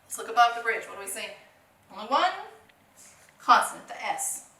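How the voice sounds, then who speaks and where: A woman's voice: on the high side, brisk, bright, forceful tone, roomy sound, recorded from a distance. A woman teaching a phonics lesson to young children, encouraging them, asking questions and answering them herself.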